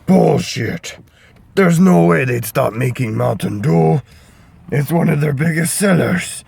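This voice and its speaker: Brief: a guy putting on a grumpy crude ogre, raised pitch, sloppy Scottish-ish voice, blunt. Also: lively intonation, takes it slowly, full character voice. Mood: scoffing. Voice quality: poor put-on Scottish-ish voice. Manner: gruff, blunt, louder than usual.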